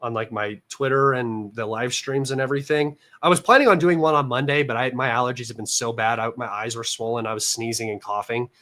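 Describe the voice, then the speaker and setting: A young American man chats loosely on a livestream from his room, rambling with many fillers and restarts. His voice is a little nasal from allergies, and his pitch sits right in the middle for a man. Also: fairly even intonation, brisk, hardly any pauses, sharp tone. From United States. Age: young adult. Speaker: livestream host. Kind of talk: casual livestream chat.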